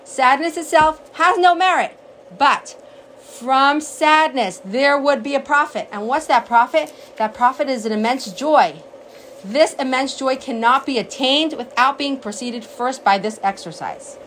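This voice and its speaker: Woman Torah teacher, slightly high voice, animated and storytelling, faint noise behind. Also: a little slow, rough recording. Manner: animated storyteller, acts out quotes. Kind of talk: lecture on a sacred text.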